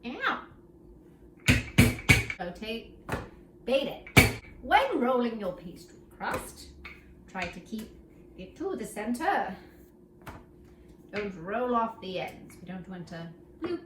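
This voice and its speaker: A woman hosts a home baking show, chatting playfully through a recipe and talking to her dough in the kitchen. Her fairly high voice is very animated yet slow, with frequent pauses. The room is echoey, the mic sits at a distance, and there's background noise.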